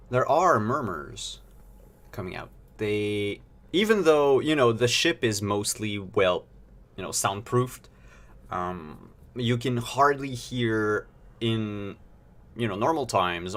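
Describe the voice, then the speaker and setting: A man's voice: on the low side, a bit bright. A man narrating as game master of a streamed tabletop game, casual and rambling with fillers.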